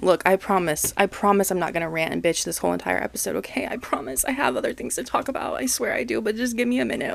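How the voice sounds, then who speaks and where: A woman's voice: mid-range voice, creaky, no echo. A young woman hosting a casual solo podcast from home, talking frankly and self-deprecatingly, swearing and laughing as she vents. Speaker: podcast host. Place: home, other people coming and going.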